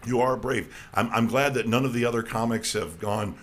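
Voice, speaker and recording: A man's voice: mid-range voice, moderate pace, slight background noise. A man hosting a casual radio talk show, rambling with restarts and jokey asides, with a slight New York accent. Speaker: host.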